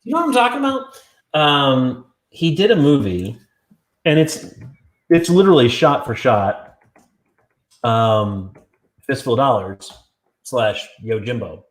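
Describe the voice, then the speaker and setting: A man's voice: medium pitch, a little slow, long pauses. Chatty man in an echoey room. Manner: rambling, animated storyteller, full of restarts and laughs. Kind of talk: casual video chat. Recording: roomy echo.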